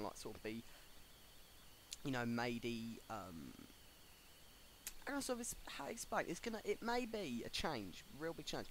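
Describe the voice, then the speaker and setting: A young man, talking casually on a solo podcast, rambling with lots of fillers and restarts. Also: mid-range voice. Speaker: podcast host. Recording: faint background noise.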